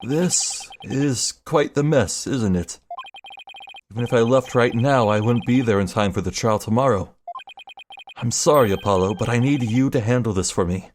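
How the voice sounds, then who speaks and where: A voice actor doing a calm, seasoned lawyer mentor. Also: slight background noise, close to an everyday voice. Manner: low, measured and soothing. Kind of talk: amateur video game voice-over.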